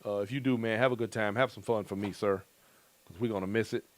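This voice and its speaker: A man's voice: fairly low pitch, steady tone, quick pace. A middle-aged male host in loose, joking casual chat, reading out viewer comments and chuckling often.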